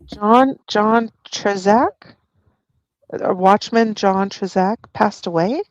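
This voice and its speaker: A woman's voice: medium pitch, extremely slow, no echo, dull audio. Woman chiming in as co-host. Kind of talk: casual faith chat on a livestream.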